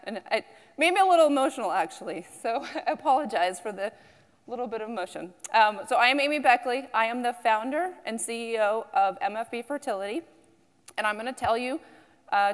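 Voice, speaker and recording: A woman founder giving an earnest, personal startup pitch to an audience, with many ums along the way. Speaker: company founder and CEO. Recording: long hall reverb.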